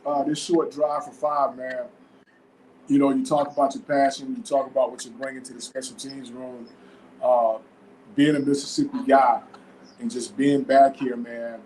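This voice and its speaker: Male podcast host from Florida, relaxed conversational delivery, mid-pitched voice, faint background hiss. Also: normal speed, poor audio. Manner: laid-back, frequent fillers like "man" and "you know". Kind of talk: casual podcast interview.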